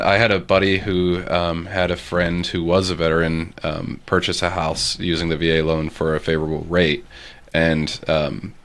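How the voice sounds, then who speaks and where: A man's voice: sits low, fairly bright tone. A man co-hosting a casual real estate podcast, laid-back and joking, telling stories with lots of ums. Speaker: podcast co-host.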